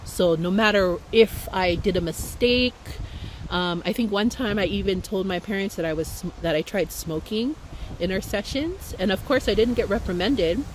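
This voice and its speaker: A woman's voice: mid-range voice, a little hiss or hum, rough recording. A woman from Hawaii speaking in a heartfelt, reflective way, telling a personal story as a speaker in an online talk. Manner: heartfelt, reflective, unhurried with fillers.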